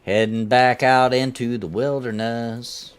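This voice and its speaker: A man's voice: mid-range voice, fairly even intonation, slow pace, clear, resonant tone. A man live-streaming an online game, chatting casually and jokingly with his viewers and teasing things in the game. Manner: playful, jokey, talks to chat and his game. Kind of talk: casual live-stream chat while playing.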